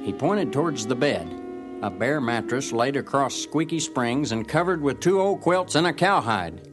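A man's voice: medium pitch, animated, moderate pace, over music. Folksy man narrating as a cocky dog. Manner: folksy, self-important storytelling. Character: cocksure male ranch dog narrator. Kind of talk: storybook narration in character as a dog.

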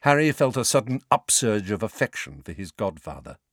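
Male audiobook narrator, low, animated reading, dry close sound. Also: brisk, dry recording. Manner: lively expressive reading. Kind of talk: scripted narration.

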